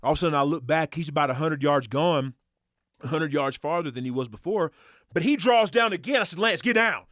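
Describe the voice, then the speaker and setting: Podcast guest, male, lively profane storyteller, fairly high voice, dry close sound. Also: a little fast, no echo. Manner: animated, profane, excitable retelling with acted quotes. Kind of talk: casual storytelling.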